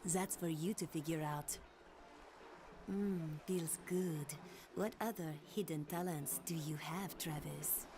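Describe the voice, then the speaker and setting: A woman's voice: deep voice, slow pace, noisy background. An actress playing a coy, commanding female agent who sets up fights in a video game. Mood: teasing.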